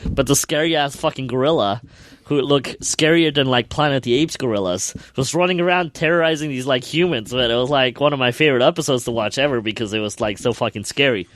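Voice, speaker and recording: A man co-hosting a podcast, chatting casually and telling profane, animated stories, sick at the moment. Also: medium pitch, a little fast, no echo. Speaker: podcast co-host. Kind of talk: casual chat.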